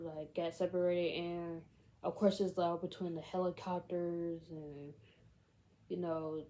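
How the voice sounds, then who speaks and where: Rambling woman with a dark, mellow voice. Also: lowish voice, slight background noise, poor audio. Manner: rambling, full of "like" and "you know". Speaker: film recap vlogger. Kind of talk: casual plot retelling.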